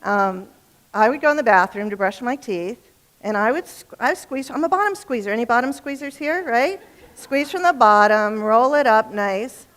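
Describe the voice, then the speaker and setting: Woman, middle-aged, fairly high voice, chatty, humorous, stage talk, asks the audience questions. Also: fairly bright tone. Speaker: relationship speaker. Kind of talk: storytelling talk to a live audience.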